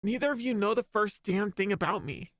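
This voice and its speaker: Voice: mid-range voice, expressive, brisk, a bit bright, no echo, clean studio sound, close to an everyday voice. A streamer voicing a brash, distrustful young man who swears a lot while reading game dialogue aloud. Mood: bitter. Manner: swearing, scornful.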